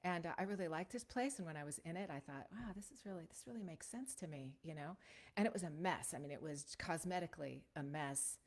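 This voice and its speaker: A middle-aged woman with a slightly low voice coaches voiceover in a loose, chatty livestream. She rambles warmly through her points and keeps checking in with "right?", recorded close on a shotgun microphone at her home desk. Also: quick pace. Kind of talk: casual livestream teaching chat. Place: home recording setup at a computer. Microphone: shotgun studio microphone.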